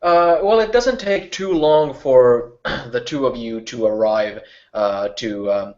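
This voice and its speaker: A man's voice: mid-range voice, slow pace, darkish tone. A man narrating a tabletop role-playing game as game master, rambling and full of fillers. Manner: rambling, filler-heavy, with frequent uh and like. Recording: muffled lo-fi recording.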